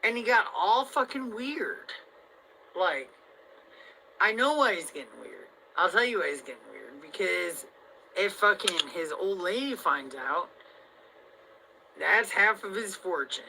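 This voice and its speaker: A woman vlogger venting to her viewers in a rambling, heavily profane monologue that swings between loud outbursts and low mutters. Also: expressive, unhurried, vocal fry, long pauses, a little hiss or hum, low-quality recording.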